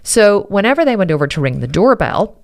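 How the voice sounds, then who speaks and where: A woman's voice: mid-range voice, big pitch swings, brisk, creaky, a little mellow. A middle-aged woman talk-show host telling a family story to give parenting advice, in a chatty, earnest way with frequent restarts.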